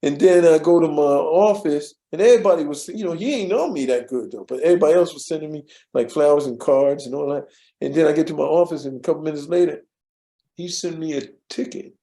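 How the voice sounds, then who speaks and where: An older man recounts his years at a studio in a loose, conversational way, circling back with restarts and fillers. His voice sits a little high for a man but sounds warm and mellow. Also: fast talker, reverberant. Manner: relaxed, rambling with many restarts and fillers. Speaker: interview guest, former studio assistant. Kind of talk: storytelling in a casual interview.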